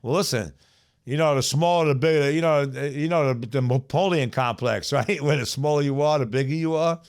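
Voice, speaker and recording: A man's voice: a little high, normal speed, clear, resonant tone. A middle-aged man with a New York accent, telling streetwise stories in a casual, profane podcast chat. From South Bronx, New York. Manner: streetwise, profane, repeats "you know what I'm saying". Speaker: podcast guest storyteller.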